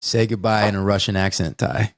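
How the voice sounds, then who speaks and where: A man's voice: fairly low pitch, fairly even intonation, fairly quick, dry recording, clean studio sound. A man co-hosting a podcast in casual chat, jokey, laughing often and swearing freely. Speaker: podcast co-host.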